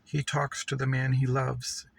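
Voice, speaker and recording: A man giving a measured, reflective reading of a literary story. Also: medium pitch, monotone, vocal fry, breathy edge, poor audio. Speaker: reader.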